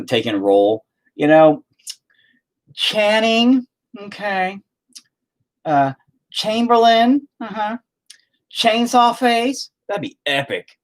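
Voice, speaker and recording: A man's voice: sits high, big pitch swings, slow, long pauses. A middle-aged man chatting casually on his vlog, rambling, swearing and sarcastic. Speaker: vlogger, band vocalist.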